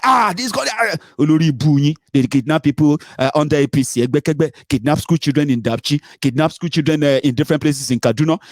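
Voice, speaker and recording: A Nigerian man giving scornful political commentary, mixing English, Yoruba and pidgin, swinging from low grumbling to loud outbursts. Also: no room sound, studio quality.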